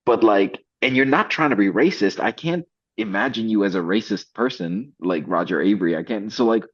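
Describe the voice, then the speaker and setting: A man's voice: on the low side, a little fast, slightly rough, highs cut off. A man co-hosting a casual movie review chat, talking emphatically with indignant rhetorical questions.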